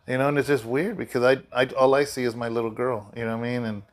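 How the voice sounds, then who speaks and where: A man's voice: medium pitch, flat delivery, quick pace. A middle-aged man, a pastor, giving a casual devotional talk in a loose, rambling way with many fillers and restarts, sleepy and yawning.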